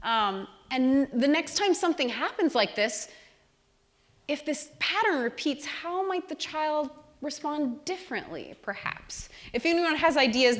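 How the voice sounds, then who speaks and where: A young woman speaks earnestly to a church audience, walking listeners through an imagined scene. Her voice sits a little high. She sounds like a workshop speaker in a church hall. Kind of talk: church talk to a live audience.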